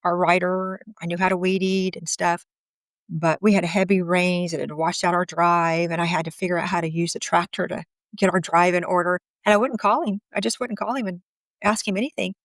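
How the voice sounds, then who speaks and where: A woman's voice: fairly low pitch, fairly even intonation, fairly quick, dry recording, studio quality. A middle-aged woman candidly telling a personal story in a chatty way, acting out what people said. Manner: candid, chatty, acts out quoted speech. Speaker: guest telling her story.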